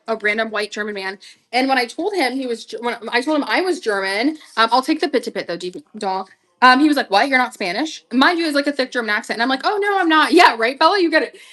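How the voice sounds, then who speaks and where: A woman's voice: on the high side, a bit bright, low-quality recording. A young woman in her twenties hosting a live vintage clothing sale, chatting casually and gushing to her viewers. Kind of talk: casual live-selling chat.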